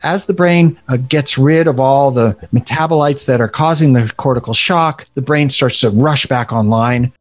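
A man hosting a podcast, telling stories in a casual, animated way and swearing now and then. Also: medium pitch, moderate pace, hardly any pauses, soft background music. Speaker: podcast host. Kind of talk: casual chat.

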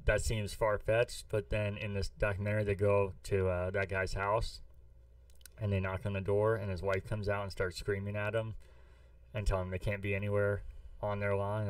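Low-voiced man telling a rambling story. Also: little pitch movement, moderate pace, smooth, no room sound, distant mic. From US Midwest. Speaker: podcast co-host. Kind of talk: casual chat.

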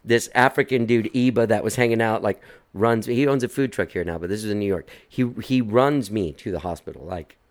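Male host, lowish voice, loose rambling storyteller who laughs through anecdotes and swears freely. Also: fairly quick. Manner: rambling, laughs while telling stories, swears casually. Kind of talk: casual storytelling chat.

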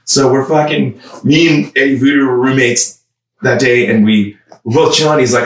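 A young man tells a wild tale in a loose chat, his voice leaping up and down as he swears and shouts out the lines he quotes. He sits a little back from the mic in an echoey room. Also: mid-range voice, brisk, far from the mic. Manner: animated, swearing often, shouting and laughing through quoted outbursts. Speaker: musician guest. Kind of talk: casual storytelling chat. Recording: echoey room, voice a bit off-mic, background noise.

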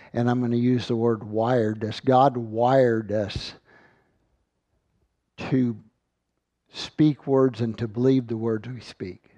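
A man's voice: mid-range voice, darkish tone, no room sound. A man giving an earnest sermon, reading scripture aloud and often repeating words as he finds his thought. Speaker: Bible teacher.

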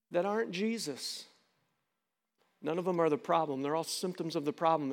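A man preaching from the pulpit with a high, bright voice, slipping into quick character voices as he makes his points. The sound carries a long hall reverb that sets him in a large church space. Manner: animated, acts out quick dialogues in varied voices. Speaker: pastor. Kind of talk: sermon. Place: church sanctuary.

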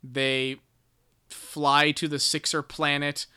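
A man's voice: fairly high pitch, level tone, slow, sharp tone, clear, resonant tone. A man co-hosting a casual book podcast, summarizing a chapter in a rambling, profane way with lots of fillers. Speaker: podcast co-host.

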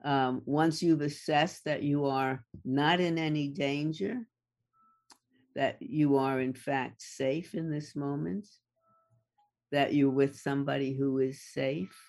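Slow deliberate guest explaining stuff, repeats the big words. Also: medium pitch, fairly even intonation, a little mellow. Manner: measured, repeats key words for emphasis. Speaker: guest expert on attachment.

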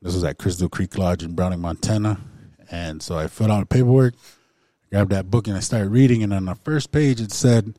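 Low, dark-voiced man sharing at a recovery meeting. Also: dry recording, studio quality. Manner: halting, frequent throat-clearing and fillers. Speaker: recovery group member sharing. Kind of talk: personal testimony in a recovery circle.

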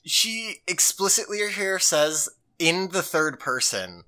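A man in casual podcast chat, loose and animated as he recaps the episode and swears freely. His voice swings widely in pitch and has a bright, forceful edge. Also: takes it slowly, hardly any pauses. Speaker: podcast co-host.

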